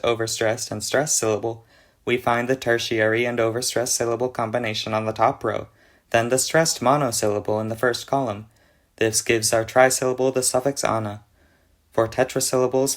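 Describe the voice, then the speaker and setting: A man narrating a scripted explanation of an invented language, with a dry, mock-serious delivery. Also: medium pitch. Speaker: conlang video narrator.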